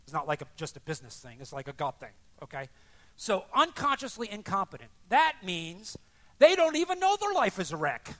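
Older male pastor, conversational sermon, high and bright voice. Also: moderate pace. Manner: animated, conversational, acts out voices.

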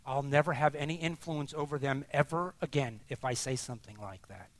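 A man preaching a sermon as pastor, emphatic and deliberate, sometimes dropping to a hushed near-whisper. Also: medium pitch.

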